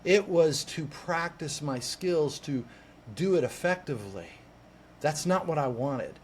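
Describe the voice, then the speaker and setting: A man, a coach and podcast guest, telling a personal story in an animated way, acting out what people said and restarting words as he goes. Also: fairly high pitch, unhurried, a little hiss or hum. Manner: lively, acts out quoted voices, restarts words.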